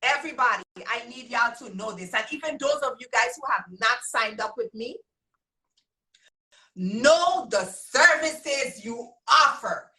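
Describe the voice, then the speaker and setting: A woman business trainer with a Virgin Islands accent hosts a live coaching talk in a slightly high, pushed and bright voice, speaking briskly with hardly any pauses on a rough recording. Folksy and emphatic, she drills her points home through repetition and calls her listeners y'all.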